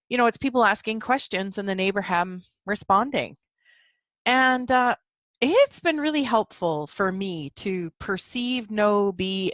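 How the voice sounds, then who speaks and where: A woman's voice: mid-range voice, a bit bright, no room sound. A middle-aged woman hosting her own podcast, talking in a chatty, enthusiastic, rambling way with lots of fillers. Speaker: podcast host. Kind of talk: solo casual podcast monologue.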